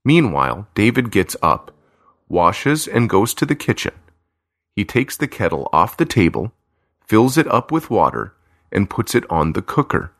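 A man narrating a simple storybook tale in a clear, deliberate way. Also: fairly low pitch, big pitch swings, fairly bright tone. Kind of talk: slow graded-reader story narration.

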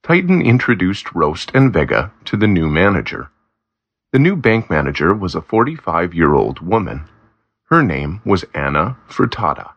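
A man narrates a story at a steady reading pace, his pitch moving up and down a lot as he lightly takes on each character. His voice sits low and slightly husky. The recording is dull and lo-fi. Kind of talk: scripted narration of a graded reader story.

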